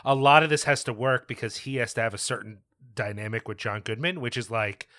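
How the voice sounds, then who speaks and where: A man's voice: medium pitch, brisk, sharp tone. A man talking casually on a podcast, rambling and self-deprecating as he swears his way through stories. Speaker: podcast guest.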